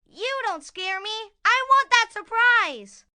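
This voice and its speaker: A woman's voice: very high-pitched, sing-song, a little slow, bright, forceful tone, exaggerated voice. A woman voicing a scheming big bad male wolf in a puppet show, sly and wheedling. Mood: blustery. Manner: sly, wheedling, fake-sweet granny act.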